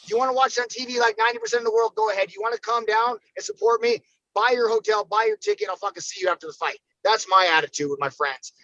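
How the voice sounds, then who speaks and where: High-voiced, fired-up profane American man. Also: very animated, fast talker, gravelly, sharp tone, no room sound, highs cut off. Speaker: podcast guest, fighter. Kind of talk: casual podcast chat.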